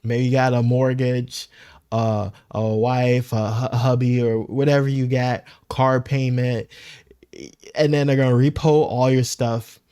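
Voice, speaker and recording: A man's voice: mid-range voice, unhurried, smooth, no echo. A man talking casually over a clip he is reacting to, teasing and goofing around with mock voices. His voice sits in a middle register. The sound is dry and close, with no room around it. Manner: animated, mocking voices for imagined streamers. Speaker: reaction streamer.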